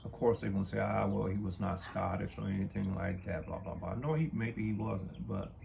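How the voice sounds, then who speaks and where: A man co-hosting a casual talk channel, talking haltingly with many fillers while he shows books and pictures. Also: on the low side, vocal fry, a little mellow, highs cut off, slight background noise. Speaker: co-host of a history talk channel.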